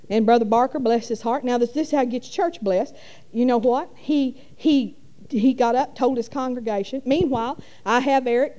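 A woman's voice: on the high side, warm tone, highs cut off. A middle-aged woman, telling a rambling, folksy church testimony full of fillers. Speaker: church speaker. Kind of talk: testimony storytelling.

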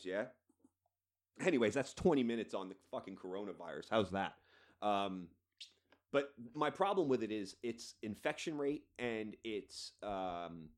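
A man hosting a podcast, ranting bluntly and swearing freely. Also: fairly low pitch. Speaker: podcast host. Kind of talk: solo podcast rant.

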